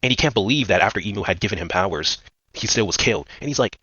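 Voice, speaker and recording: Dude rattling off a manga recap super fast, lots of likes and mans, kinda dull lo-fi mic. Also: male voice, lowish voice, expressive, pushed and bright, husky, no room sound. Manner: rambling, filler-heavy, slangy. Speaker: manga commentator. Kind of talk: casual chapter recap commentary.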